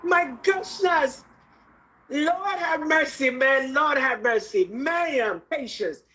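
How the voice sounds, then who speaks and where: A woman's voice: high-pitched, expressive, slow pace, pushed and bright. A middle-aged woman hosting a casual livestream, laughing often and exclaiming emphatically between remarks. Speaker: livestream host.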